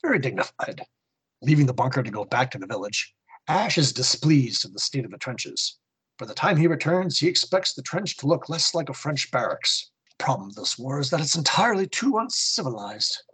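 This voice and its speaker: Husky male podcast host narrating. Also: mid-range voice, sing-song, brisk, a bit bright, low-quality recording. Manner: theatrical narration in second person. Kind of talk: dramatic comic reading and history segment.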